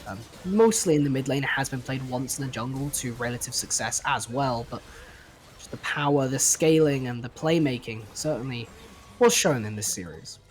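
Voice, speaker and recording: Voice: medium pitch, moderate pace. An esports co-caster chatting upbeat about the match and asking the player interview questions. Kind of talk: esports commentary.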